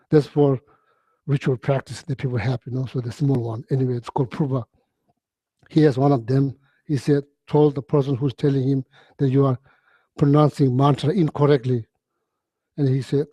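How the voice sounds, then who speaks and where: Man telling stories in halting, chuckling speech. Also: mid-range voice, mellow, slightly rough, no echo. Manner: halting, repeats words, chuckles often, chatty. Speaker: Buddhist teacher. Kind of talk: relaxed dharma talk storytelling.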